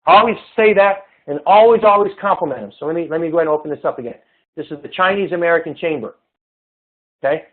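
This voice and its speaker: A man's voice: sits high, fairly quick. A man who trains people in network marketing, walking viewers through a screen-share tutorial with repetitive, urging pep talk. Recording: tinny phone-like audio.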